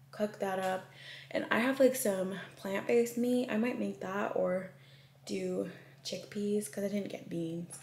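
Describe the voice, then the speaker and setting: Young woman, casual vlog chat, gushing, gravelly fry, noisy background. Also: mid-range voice, warm tone, reverberant. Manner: chatty, gushing, lots of "like". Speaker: vlogger.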